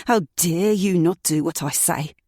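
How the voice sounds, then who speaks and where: A woman's voice: low voice, slow pace, warm tone, slightly rough, no room sound, studio quality, full character voice. A woman voicing a violent, abusive young man in an audiobook, screaming insults and hissing cold threats. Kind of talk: audiobook narration.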